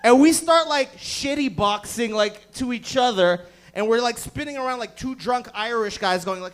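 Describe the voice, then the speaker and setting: A man's voice: very high-pitched, lively intonation, normal speed. A man in his thirties doing rowdy, profane stand-up storytelling on a comedy club stage. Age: 30s.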